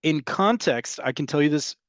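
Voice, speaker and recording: A man's voice: on the high side, animated, normal speed, dry recording. A man teaching an online class, explaining steadily and often checking in with "right?" and "okay?". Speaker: Hebrew teacher.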